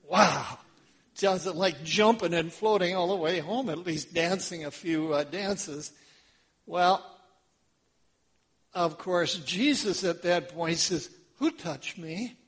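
A man preaching from the pulpit in a fairly high voice, unhurried and deliberate. He tells the story with animation, acting out the voices in it and throwing questions to the congregation. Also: breathy edge. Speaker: pastor. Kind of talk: sermon.

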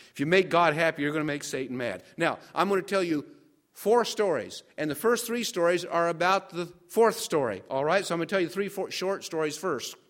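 Older male pastor, folksy storytelling sermon, slightly high voice, quizzes the congregation. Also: a bit bright. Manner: folksy, asks the congregation questions.

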